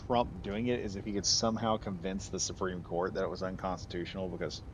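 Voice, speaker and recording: A man's voice: low-pitched, little pitch movement, quick pace, background noise. A man from the United States giving rambling, chatty commentary while streaming a game, laughing easily. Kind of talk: casual gameplay commentary.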